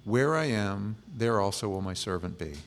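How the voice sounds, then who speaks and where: Male pastor, slightly low voice, relaxed conversational preaching with wry asides. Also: moderate pace. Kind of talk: sermon.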